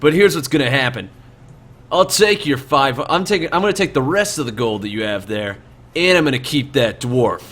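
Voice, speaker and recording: A man's voice: medium pitch, animated, moderate pace, fairly bright tone. A man voicing a swaggering male bandit leader who demands a toll, menacing and mocking, calling people mate.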